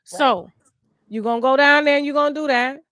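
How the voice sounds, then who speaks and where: A raspy-voiced woman hosting a casual advice chat, giving blunt, bossy advice with animated storytelling. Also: high voice, brisk, no echo, clean studio sound.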